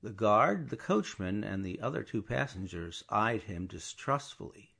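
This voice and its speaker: A man giving a scripted, expressive audiobook narration. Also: on the low side, unhurried, creaky, hardly any pauses, slightly rough. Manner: expressive storytelling.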